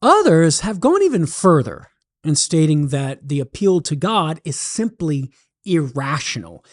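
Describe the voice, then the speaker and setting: A man from southern Louisiana with a Cajun accent, hosting a religious radio talk show as an animated storyteller. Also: fairly high pitch, unhurried. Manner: animated storyteller, jokes and laughs. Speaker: radio show host, apologist.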